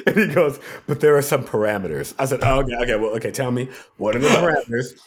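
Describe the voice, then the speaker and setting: A man's voice: medium pitch, expressive, quick pace, slight background noise. Guy on a podcast telling a wild story, laughs a lot, does the voices. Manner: acts out quoted voices, laughs often. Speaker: podcast guest, TV producer. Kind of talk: animated storytelling.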